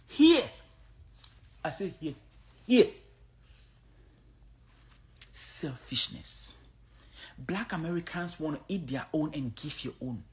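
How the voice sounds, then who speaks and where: Casting: outspoken African-born woman creator, lively pitch, speaks bluntly to camera. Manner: blunt, outspoken, animated storytelling. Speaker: social media creator. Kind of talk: casual opinion monologue to camera.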